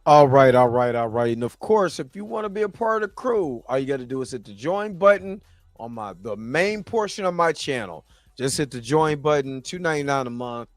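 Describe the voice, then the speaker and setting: A man's voice: medium pitch, expressive, fairly quick, dry recording, clean studio sound, faint music behind. Joking, rambling man hosting a livestream. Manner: loose, joking, rambling, laughs often. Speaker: host. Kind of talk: casual reaction livestream chat.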